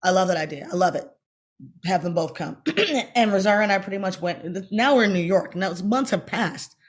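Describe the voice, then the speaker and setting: A middle-aged woman, an actress, telling a story in a casual interview. She is animated, acts out the voices she quotes and talks fast in bursts. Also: mid-range voice.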